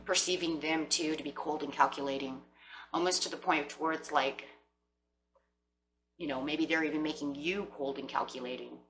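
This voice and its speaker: A woman doing a tarot reading speaks at a moderate pace in a deep voice with fairly even intonation, and background noise is present. She talks straight to the viewers and brings to life imagined quotes from the people she describes.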